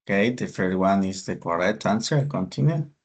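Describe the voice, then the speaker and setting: A man's voice: low-pitched, animated. Hesitant man walking through exercises. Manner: halting, with restarts and hesitant fillers. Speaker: class presenter. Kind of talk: explaining exercises in an online class.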